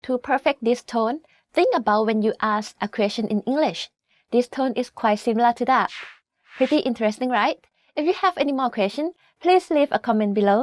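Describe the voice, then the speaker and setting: A woman whose first language is Thai, giving a scripted language lesson with clear, patient explanations and slow model pronunciations. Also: a little high, no echo.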